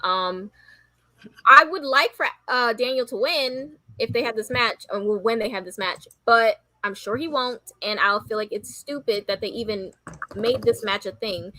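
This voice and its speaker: A woman gives blunt, dismissive opinions in a casual chat, halting often. Her voice is bright and a little tense. The sound is dry and close. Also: a little high, dry recording, rough recording.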